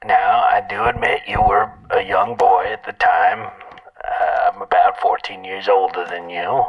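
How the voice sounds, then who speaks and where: A man playing an estranged older cousin who phones in to a comedy show, talking haltingly. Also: deep voice, steady tone, dull audio. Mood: awkward. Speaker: caller.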